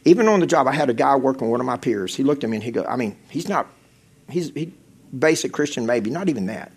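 Husky impassioned male preacher. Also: mid-range voice, animated, fast talker. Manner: impassioned preaching, swinging from loud exhortation to hushed intensity. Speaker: pastor. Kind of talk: sermon.

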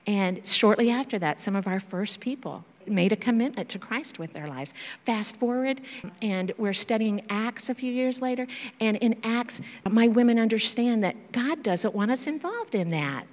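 Woman telling church stories, high voice. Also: moderate pace. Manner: animated storytelling, acting out children's voices. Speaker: missionary speaker. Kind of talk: church testimony talk. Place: church sanctuary. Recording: reverberant church hall.

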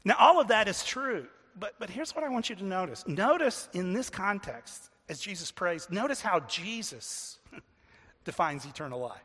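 A man preaching a sermon in earnest, often repeating words and slowing down to stress a point. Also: sits high, big pitch swings, fairly bright tone, breathy edge, long reverb tail. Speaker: pastor.

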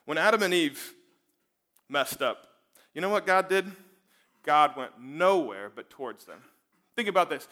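A man with a somewhat high, bright, forceful voice delivers a sermon. He speaks emphatically, asking the listeners question after question. He sinks to a quiet hush and then swells back to full strength. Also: animated, measured pace, long pauses. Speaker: preacher.

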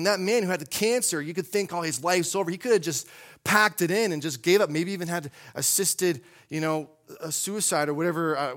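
A man preaching a sermon in a church, talking in a conversational way with asides and restarts. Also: a little high. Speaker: pastor. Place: church sanctuary.

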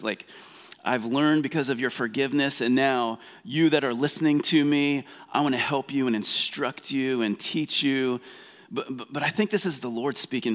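A man preaching in an earnest, conversational way, with a voice of middle pitch. He often stumbles over repeated words and drops softer when he speaks God's promises. His voice carries a long reverb, as if in a church hall. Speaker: pastor. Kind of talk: sermon.

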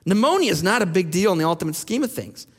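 A pastor in his thirties preaches in a church sanctuary, his voice sitting unusually high for a man. He moves from easy storytelling into urgent, pressing challenges, and long reverb from the hall trails each phrase. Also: very animated, quick pace. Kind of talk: sermon.

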